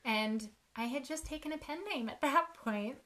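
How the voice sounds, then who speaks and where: Her voice sits high and fairly bright, at a moderate pace. She's an author in her thirties co-hosting a podcast, laughing a lot as she pokes fun at herself in relaxed storytelling.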